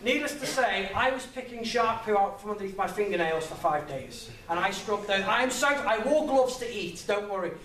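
A man's voice: sits high, lively intonation, normal speed, few pauses, a crowd in the background. A young man giving a public talk in a chatty, laughing, self-deprecating way. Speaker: guest speaker. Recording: echoey room, voice from far off.

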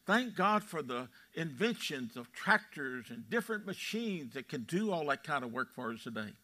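A man's voice: a little high, very animated, normal speed, pushed and bright. A man in his eighties with a Texan accent, preaching a sermon in a folksy storytelling way and quizzing his congregation. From Texas. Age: 80s. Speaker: pastor. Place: church sanctuary.

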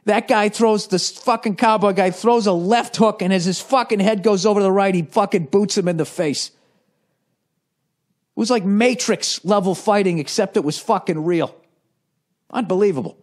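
Here the podcast-hosting comedian speaks at a moderate pace in a high-pitched voice. His story wanders casually, laced with swearing and full of false starts as he animatedly tells it.

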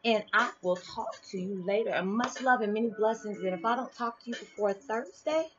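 A woman talking casually to her viewers about spiritual matters, animated and often laughing. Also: medium pitch, a little fast, noisy background. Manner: animated, laughing, lively swings in loudness. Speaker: vlogger. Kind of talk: casual spiritual vlog talk. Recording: dull lo-fi sound with faint music.

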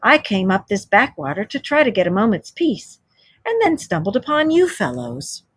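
A woman voicing a relaxed, wry male otter in a storybook read-aloud. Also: medium pitch, normal speed, breathy edge, no room sound. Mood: easygoing. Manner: easygoing, reflective remarks.

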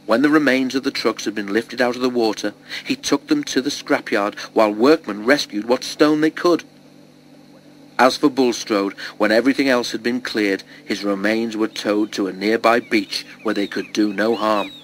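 A man reading a children's storybook aloud in a steady, expressive storytelling voice. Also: on the low side, normal speed, a little hiss or hum, low-quality recording. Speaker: storybook reader.

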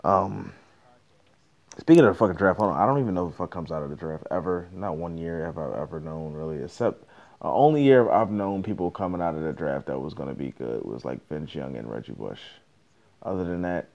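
Low-voiced male podcast host, profane, rambling solo rant. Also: lively intonation, fairly quick, gravelly, a little mellow.

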